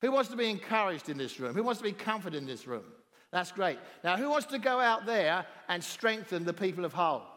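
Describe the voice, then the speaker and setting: A high-pitched man with a southern English accent preaches with real emphasis, pushing some phrases nearly to a shout. His voice rings out through a church hall with a long reverb trailing behind every line. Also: sing-song, brisk. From southern England. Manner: emphatic, rising to near-shouting on key phrases. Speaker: visiting pastor. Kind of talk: sermon.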